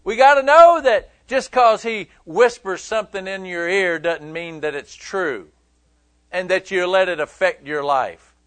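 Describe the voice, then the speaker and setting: Man, pastor, sermon, high voice, dry close sound, chatty and emphatic. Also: measured pace, a bit bright, no echo. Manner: conversational and emphatic, joking with the congregation.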